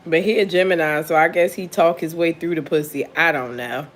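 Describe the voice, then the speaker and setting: A woman's voice: deep voice, steady tone, a little fast. Blunt, laughing woman telling a story. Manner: blunt and profane, breaks into laughter. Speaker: tarot reader. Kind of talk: casual storytelling chat.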